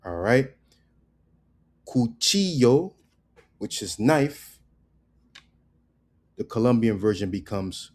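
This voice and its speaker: Laid-back low-voiced man teaching pronunciation. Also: animated, a little mellow, slightly rough. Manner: loose, joking, repeats words slowly. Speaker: Spanish teacher. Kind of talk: casual pronunciation lesson.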